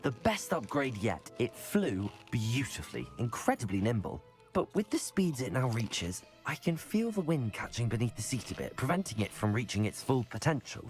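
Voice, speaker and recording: An actor playing a polite, formal young male wizard student who flies brooms, calm and measured. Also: medium pitch, soft background music, lightly acted. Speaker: player character. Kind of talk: video game dialogue.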